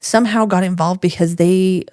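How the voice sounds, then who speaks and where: A woman co-hosting a chatty podcast from a room at home. She tells a story in lively fashion, and her pitch leaps up whenever she quotes someone. The sound is close and dry, with no room echo. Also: moderate pace. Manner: animated storyteller, voices quoted people with jumps in pitch. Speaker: podcast co-host. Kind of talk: casual storytelling chat. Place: home room with dogs nearby.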